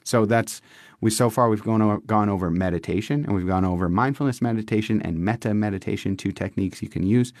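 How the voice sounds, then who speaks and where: A young man co-hosts a casual wellness podcast, his voice sitting a little low. He speaks with eager enthusiasm, often stopping and restarting mid-sentence. The recording is dry and close, with no room sound. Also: fairly quick, darkish tone, no room sound. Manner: enthusiastic, frequent restarts and fillers. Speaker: podcast co-host.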